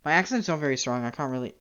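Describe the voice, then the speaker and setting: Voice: medium pitch, animated, brisk, vocal fry, a bit bright, muffled recording. A young-adult game streamer from Canada, chatting casually, rambling, self-mocking and swearing freely. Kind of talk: casual live-stream chat.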